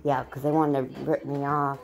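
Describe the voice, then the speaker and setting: A woman's voice: very deep voice, flat delivery, normal speed, gravelly, background noise. A woman chatting casually in a rambling, repetitive way while walking her dog and cooking, now and then baby-talking to the dog. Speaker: vlogger.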